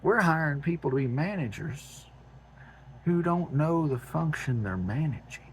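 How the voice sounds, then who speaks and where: A man's voice: a little high, lively intonation, a little slow, a little hiss or hum. A man, hosting a homestead channel, ranting bluntly and with exasperation, repeating phrases for emphasis. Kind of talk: ranting monologue to camera.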